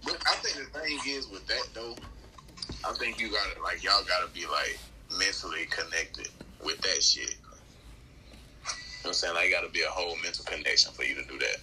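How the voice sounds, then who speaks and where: Laid-back man with a very deep, bright-edged voice, faint noise behind. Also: fairly quick, low-quality recording. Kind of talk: casual podcast chat.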